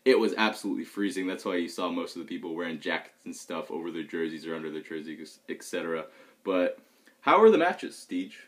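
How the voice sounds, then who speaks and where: A man's voice: sits low, animated, fairly quick. A young man, a pro gamer, talking in a loose, rambling and frank vlog chat. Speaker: pro gamer vlogging about tournaments.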